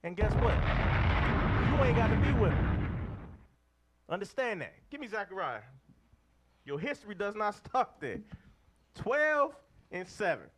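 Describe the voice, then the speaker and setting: Man, preacher, high-pitched, very animated, emphatic, call-and-response. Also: a little slow, pauses often, husky. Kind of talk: street-style sermon to a group of men.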